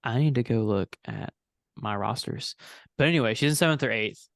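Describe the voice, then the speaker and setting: A man's voice: mid-range voice, moderate pace, creaky, a bit bright, no room sound, studio quality. A young adult man co-hosting a casual podcast, telling a rambling story and often correcting himself. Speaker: podcast co-host and student minister.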